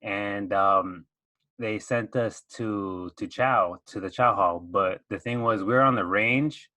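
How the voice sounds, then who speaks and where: Young former-marine host, bright crisp voice, dry close sound, chatty storyteller. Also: male voice, on the low side, slow pace, no room sound. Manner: laughs through his stories, acts out shouting drill instructors. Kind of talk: casual storytelling chat.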